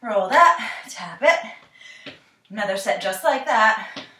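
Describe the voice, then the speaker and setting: A woman's voice: medium pitch, lively intonation, unhurried, background noise. A young woman instructing a cardio workout while exercising along, a little out of breath, encouraging and counting down reps. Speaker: fitness instructor. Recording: echoey room, camera mic from far off.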